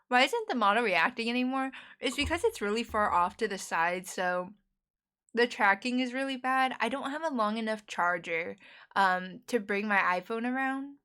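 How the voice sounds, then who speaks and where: A woman's voice: a little high, moderate pace, sharp tone, smooth. Young American woman streamer, giggly and talkative, casual chat. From United States. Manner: chatty, giggly, rambling.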